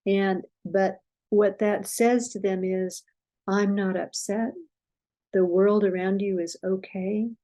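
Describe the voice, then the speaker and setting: An older woman speaks with a gentle, soothing calm. Her voice is mellow and warm, and her pitch stays steady and even. She explains without hurry and drops into soft, reassuring tones. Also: takes it slowly, poor audio. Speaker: parenting expert guest. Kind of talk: conversational explaining with a story.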